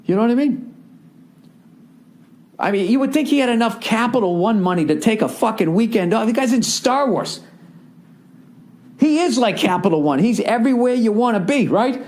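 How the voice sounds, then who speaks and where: Ranting high-voiced male podcast host. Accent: Boston. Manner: profane, ranting, animated storytelling. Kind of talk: casual comedic monologue.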